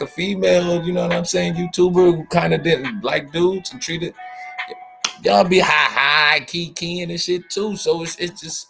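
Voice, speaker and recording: A man hosting a casual livestream, talking in an animated, slangy way and speaking straight to his chat. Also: high voice, vocal fry. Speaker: livestream host.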